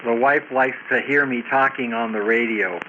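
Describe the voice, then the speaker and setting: An older man talks over a ham radio link in a hesitant, halting manner. His voice sits at an ordinary pitch, dulled by the muffled radio and a clear hiss of static. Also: sharp tone. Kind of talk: casual radio chat.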